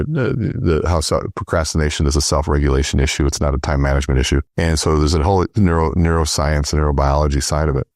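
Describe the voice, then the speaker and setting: A middle-aged man with a very deep voice tells stories at a rapid clip. He acts out both sides of every conversation with lively energy. The sound is dry and close. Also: dry recording. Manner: animated storyteller acting out dialogue. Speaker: guest, sales trainer. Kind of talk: storytelling in interview.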